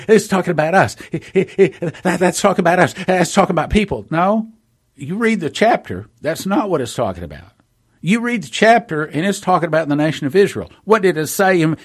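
A man with a somewhat high voice gives an informal Bible-prophecy broadcast, recorded dry and close with no room sound. He talks earnestly and repeats key words for emphasis. He slows right down to read scripture, then presses his listeners with rhetorical questions. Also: dry recording. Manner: reads scripture slowly and deliberately.

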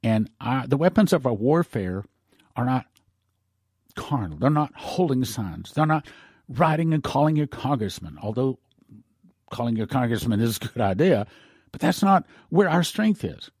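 Husky-voiced fervent preacher man. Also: medium pitch, sing-song, normal speed, darkish tone, no room sound, studio quality. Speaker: pastor. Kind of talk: broadcast preaching on prophecy.

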